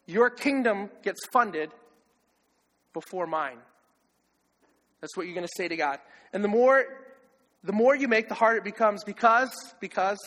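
A man preaching a sermon as pastor, animated and acting out the voices of others. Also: high-pitched. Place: church hall. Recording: long hall reverb.

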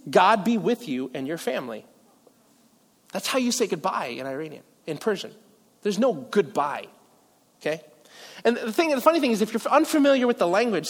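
A man from Virginia preaching a sermon as pastor, animated and self-deprecating, with asides and restarts. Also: sits high, brisk. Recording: long hall reverb.

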